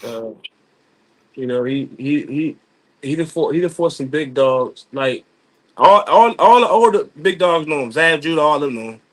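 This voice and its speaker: A man's voice: fairly high pitch, expressive. Rambling, slangy man on a call. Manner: rambling, loose street slang, halting restarts. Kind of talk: casual chat. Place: office at work.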